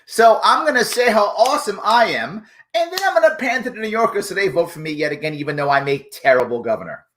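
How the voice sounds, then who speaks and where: A man's voice: sits high, sing-song, fast talker, hardly any pauses, a bit bright, a little hiss or hum. A man mocking a smug self-adoring governor. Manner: mocking, sarcastic.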